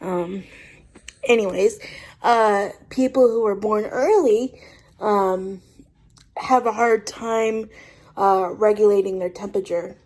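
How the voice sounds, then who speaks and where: A woman chats to her viewers outdoors, holding the camera out in front of her. Her voice sits at an ordinary pitch. She rambles along casually, with plenty of ums and self-corrections. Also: fairly even intonation, slow, long pauses, darkish tone, low-quality recording. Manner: rambling, chatty, lots of fillers and restarts. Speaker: vlogger. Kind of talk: casual vlog chat. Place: outdoors on a windy, sunny day.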